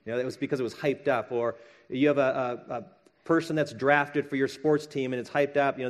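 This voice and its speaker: A man's voice: mid-range voice, steady tone, brisk. A middle-aged man preaching a sermon in a conversational way, acting out quoted voices with light jokes. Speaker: pastor.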